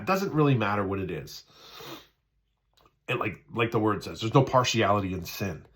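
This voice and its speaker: A man's voice: on the low side, lively intonation, normal speed, long pauses, a bit bright. A man in a casual spiritual talk, speaking conversationally, repeating himself, often asking "right?" and acting out the voices in people's heads. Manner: acts out quoted inner voices.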